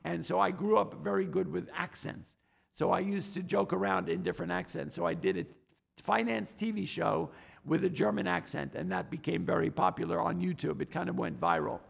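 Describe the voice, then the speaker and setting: Gravelly New man, high voice. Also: brisk. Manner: animated, repeats and restarts words often. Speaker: podcast guest, stock trader. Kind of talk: casual interview storytelling.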